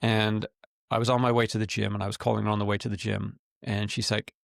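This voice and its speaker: Gravelly middle-aged man telling a story. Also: fairly low pitch, fast, no room sound, studio quality. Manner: candid, animated retelling with quoted dialogue. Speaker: podcast co-host and business owner. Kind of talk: casual storytelling chat.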